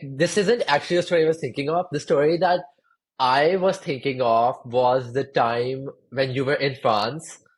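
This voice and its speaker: A man hosting a podcast, chatting casually with quick, eager, stammering interjections. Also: medium pitch, slightly rough, low-quality recording. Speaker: podcast host. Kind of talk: casual chat.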